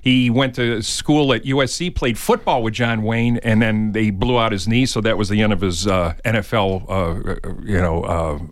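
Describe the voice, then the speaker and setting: A man's voice: on the low side, fairly even intonation, moderate pace, few pauses, no echo. Male radio regular with a Rochester accent, anecdotal, dry studio sound. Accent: Rochester, New York. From Rochester, New York. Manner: storytelling, laughs often, says "uh" a lot. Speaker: movie guest on radio. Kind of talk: radio talk segment.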